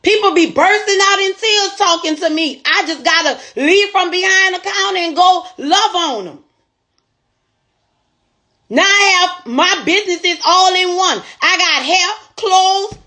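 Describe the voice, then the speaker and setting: A woman's voice: very high-pitched, measured pace, bright, forceful tone. A woman store owner telling a motivational testimony in a folksy, preachy storytelling way.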